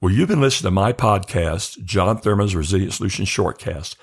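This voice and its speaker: A man hosting a faith podcast, leading a slow guided breathing prayer and repeating phrases calmly. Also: deep voice, slightly rough. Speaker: podcast host.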